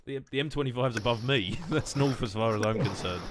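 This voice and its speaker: A man's voice: medium pitch, fairly quick, background noise. A man with an Essex accent rambling jokingly in casual gaming voice chat, a streamer spinning mock-serious tangents. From Essex, England. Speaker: streamer in online game voice chat.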